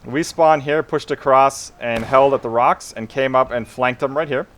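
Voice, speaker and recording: Male streamer, mid pitch, casual chat to viewers, quick calls to his squad. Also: fairly bright tone, a little hiss or hum. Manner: chats with viewers, barks orders to teammates. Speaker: game streamer. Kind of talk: casual live gameplay commentary.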